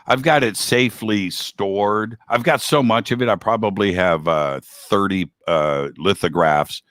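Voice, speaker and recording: A man's voice: lowish voice, a little slow, a bit bright, no room sound, studio quality. A man talking as a guest host in a casual chat, rambling and laid-back, with a slangy manner.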